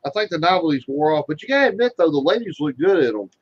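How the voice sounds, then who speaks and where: A man's voice: on the high side, big pitch swings, rapid-fire. A man in casual chat, rambling and swearing constantly as he tells stories. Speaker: guest being interviewed. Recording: dull, dry lo-fi sound.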